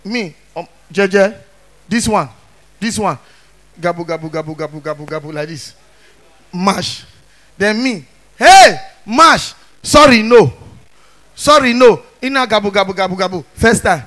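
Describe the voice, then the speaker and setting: A Nigerian man performs stand-up in pidgin, his voice sitting very high and bright. He acts out the people in his stories, jumping into shouts and exaggerated voices as he goes. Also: moderate pace, pauses often. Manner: animated storytelling with acted voices and shouts. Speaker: stand-up comedian.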